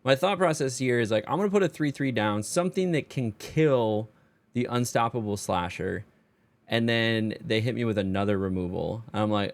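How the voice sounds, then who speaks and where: A man's voice: on the low side, normal speed. Exasperated self-mocking man commentating. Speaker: streamer. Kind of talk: voice-over commentary on a card game.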